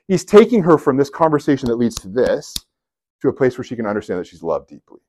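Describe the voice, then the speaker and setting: A man giving a sermon in a conversational, animated storytelling way, with casual asides to his listeners. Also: mid-range voice, quick pace. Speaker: preacher.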